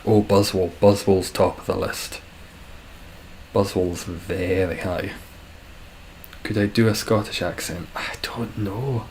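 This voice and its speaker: A man's voice: deep voice, fairly even intonation, measured pace, pauses often, darkish tone, slight background noise, low-quality recording. A young man streaming a game, chatting casually with viewers in a rambling, self-deprecating way.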